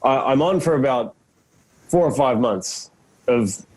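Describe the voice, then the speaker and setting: A man's voice: medium pitch, expressive, measured pace, darkish tone, slightly rough, low-quality recording. An Australian man in his thirties, a guest in a casual interview on a video call, laid-back and self-deprecating, laughing often. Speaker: actor guest.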